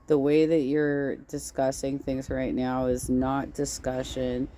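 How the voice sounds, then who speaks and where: Woman co-host, very deep and unhurried, exasperated commentary. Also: little pitch movement, dark tone, slight background noise. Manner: exasperated, critical. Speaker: livestream co-host. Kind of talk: livestream reaction commentary.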